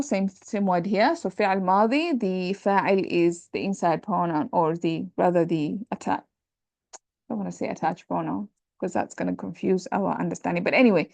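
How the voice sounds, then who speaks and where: A woman lectures on parsing Arabic sentences, explaining patiently, checking in with students, and switching often between English and repeated Arabic terms. Her medium-pitched voice is creaky and darkish, with no room sound.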